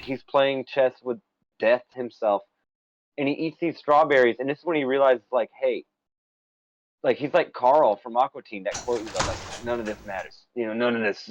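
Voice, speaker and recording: A man from the United States, a podcast co-host and essay author, co-hosts a casual stream about a film and a game. His medium-pitched talk is rambling, enthusiastic and full of fillers and tangents, and the muffled recording has no room sound.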